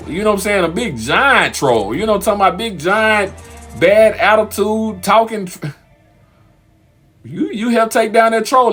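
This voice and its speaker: A man's voice: sits high, fairly bright tone, husky. A man casually reviewing a fantasy TV episode as host of his own channel, talking loosely and animatedly with lots of fillers and restarts. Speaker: TV recap host.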